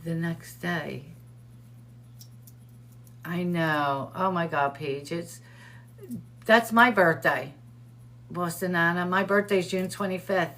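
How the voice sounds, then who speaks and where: A chatty middle-aged woman hosts a casual livestream with a slightly low-pitched voice. She tells stories by acting out what people said and breaks off to greet viewers in the chat by name. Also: fairly even intonation, slow, long pauses, a bit bright, slight background noise. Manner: storytelling with quoted dialogue. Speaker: host of a livestream show. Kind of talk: casual live-stream chat.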